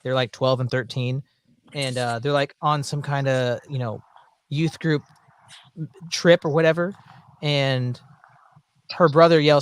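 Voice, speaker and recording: A man's voice: a little high, normal speed, fairly bright tone, slight background noise. A man hosting a casual podcast chat, joking in a mock-preachy way. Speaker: podcast host.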